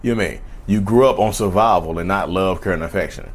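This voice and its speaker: Man with a low voice, casual vlog. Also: fast talker, husky. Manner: animated, jumps into mocking voices and laughs; loose conversational speech, says "y'all" often. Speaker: YouTube host. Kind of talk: casual talking-to-camera vlog.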